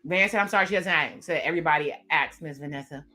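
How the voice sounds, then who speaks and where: A woman hosting a reaction video, recapping a TV episode in a chatty, expressive way and reading character lines aloud. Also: low-pitched, fast talker. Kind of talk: casual commentary recapping a TV episode.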